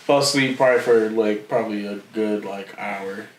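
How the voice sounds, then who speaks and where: Recorded on a distant mic in an echoey room with slight background noise, this young man has a lowish voice at normal speed. He's a Philadelphia-area podcast co-host whose casual chat is full of animated stories, acted-out quotes and plenty of laughter.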